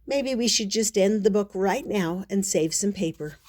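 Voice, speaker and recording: An older woman as a storytelling grandmother, reading a children's picture book aloud in an unhurried, expressive way with playful asides. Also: medium pitch.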